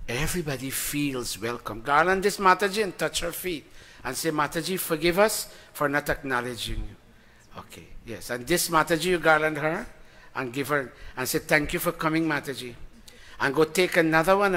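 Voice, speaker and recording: Man, temple leader, bright forceful tone, playful teasing sermon style. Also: fairly high pitch. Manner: animated, playful, calls people up by name. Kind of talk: informal sermon to congregation. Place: temple hall before congregation.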